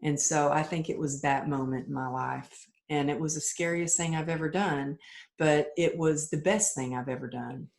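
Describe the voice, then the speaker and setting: A woman's voice: low-pitched, moderate pace, creaky, darkish tone. A middle-aged woman, a podcast guest, telling her story candidly and earnestly, often restarting her sentences. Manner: earnest and open, with frequent restarts and acted-out quotes.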